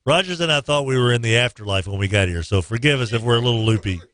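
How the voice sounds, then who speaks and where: A man's voice: medium pitch, expressive, fast, fairly bright tone, dry recording. A man hosting a morning sports radio show, making picks in a loose, joking way. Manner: loose, joking, sings snatches of songs. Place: radio studio.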